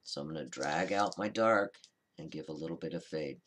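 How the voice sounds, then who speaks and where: A man hosting a card-making tutorial, talking through a coloring demonstration in a relaxed, chatty, reassuring way and often correcting himself mid-sentence. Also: rumbling low, moderate pace, slight background noise. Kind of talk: casual step-by-step crafting demonstration.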